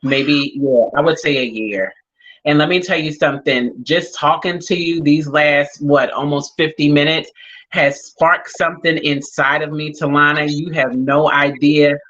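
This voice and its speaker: Woman guest, preacher cadence, bright and forceful, repeats for emphasis; muffled lo-fi video-call audio. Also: low-pitched, steady tone, a little slow. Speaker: guest speaker. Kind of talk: preaching-style talk in an online interview.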